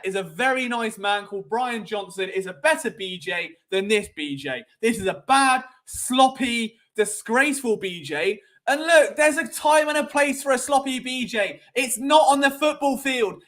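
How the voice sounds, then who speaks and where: A young man with a British accent rambles through a casual sports live stream, teasing and joking as he goes. His speaking voice sits high for a man. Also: fairly bright tone. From Britain. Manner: cheeky, rambling, jokey. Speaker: sports show host.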